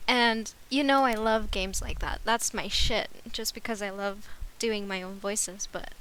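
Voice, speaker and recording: A woman's voice: medium pitch, steady tone, a little slow, a bit bright, clear, resonant tone. A woman streamer playing a courtroom game, reading its dialogue aloud with a nervous, stammering delivery. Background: game music.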